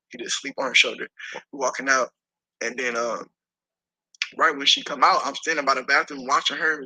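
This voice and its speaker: A man telling a story as an interview guest, animated and profane, acting out the voices of the people in it. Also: medium pitch, slightly rough, no echo, poor audio.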